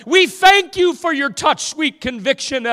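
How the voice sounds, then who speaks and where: A man's voice: very high-pitched, animated, measured pace, bright, forceful tone. A male pastor preaching a fervent sermon in a church, repeating key words with rising intensity. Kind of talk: impassioned sermon. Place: church sanctuary. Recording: long hall reverb from a church.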